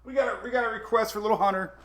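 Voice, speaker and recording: A man's voice: high-pitched, steady tone, very fast, fairly bright tone. A man hosting a casual weather live stream, chatty, laughing often and talking to his dogs between updates.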